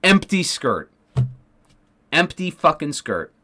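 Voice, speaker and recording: A man's voice: a little high, very animated, slow pace, sharp tone. A man streaming casually, ranting sarcastically with lots of swearing, fillers and restarts. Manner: profane, sarcastic, rambling with many fillers.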